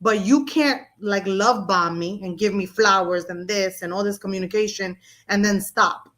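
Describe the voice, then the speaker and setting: A woman co-hosting a podcast, telling personal stories in a blunt, animated way with casual swearing. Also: mid-range voice, moderate pace. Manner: blunt, profane, animated storyteller. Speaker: podcast co-host. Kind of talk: candid casual chat.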